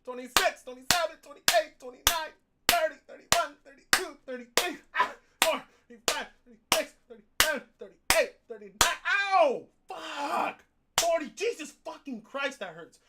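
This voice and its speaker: A man's voice: very high voice, lively intonation, normal speed, heavy background noise. A man streaming live, reading donations aloud, swearing and groaning in pain in a whiny, exasperated way. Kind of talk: casual live-stream chat.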